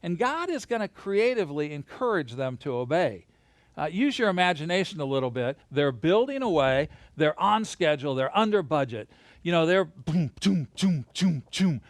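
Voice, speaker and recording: Animated man teaching to camera. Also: a little high, normal speed, no echo, studio quality. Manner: animated, playful, leads hand motions. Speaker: Bible teacher. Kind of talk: recorded Bible lesson to camera. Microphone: camera mic.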